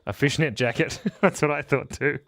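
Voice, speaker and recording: A man's voice: on the high side, normal speed, a bit bright. A man hosting a live drawing stream, chatting playfully and gushing with praise as he draws. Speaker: drawing livestream host.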